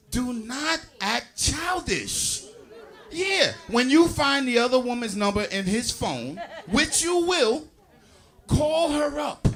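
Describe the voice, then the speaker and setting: A man doing a loud, crude stand-up routine on a live comedy stage, laughing through his punchlines. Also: very high voice.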